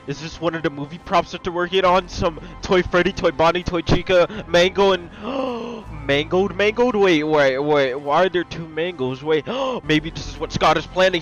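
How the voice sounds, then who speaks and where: A man with a high voice narrates his gameplay as a YouTuber. He talks in an excitable, breathless rush, gasping and rambling and restarting his sentences. Faint music plays underneath. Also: low-quality recording. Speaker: gaming YouTuber.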